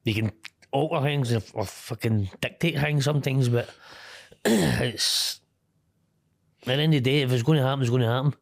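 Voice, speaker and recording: A middle-aged Scottish man, an interview guest, speaks frankly in a candid conversational interview. His medium-pitched voice is creaky and moderately paced, captured in a close, dry recording with no echo or room sound. He is blunt, swears casually and laughs easily between thoughts.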